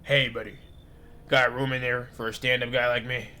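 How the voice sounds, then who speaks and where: A man voicing a boisterous, tipsy visitor who jokes loudly and pushes his luck. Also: mid-range voice, flat delivery, normal speed, noisy background, lightly acted. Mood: brash. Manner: loud brash joking banter.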